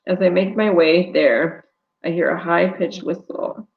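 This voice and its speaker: Gravelly woman reading her novel live. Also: fairly low pitch, a little slow, highs cut off. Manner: steady first-person narration. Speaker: author.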